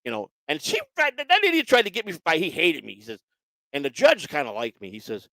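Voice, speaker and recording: Animated, profane male storyteller. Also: fairly high pitch, brisk, dry recording, poor audio. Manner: profane, animated, acts out quoted voices. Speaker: host. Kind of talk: casual storytelling chat.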